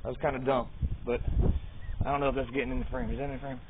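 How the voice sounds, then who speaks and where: A man's voice: mid-range voice, sing-song, very fast, gravelly. Joking man filming puppies outdoors. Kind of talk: casual running commentary while filming. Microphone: handheld camera or tablet. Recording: tinny lo-fi camera audio with outdoor noise.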